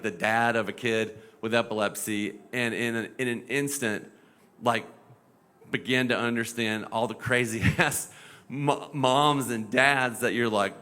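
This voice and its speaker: Man, middle-aged, bright voice, animated storyteller, casual panel talk. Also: mid-range voice, unhurried. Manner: animated storyteller, mimics voices, many fillers. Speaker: pediatric epilepsy doctor. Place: event panel.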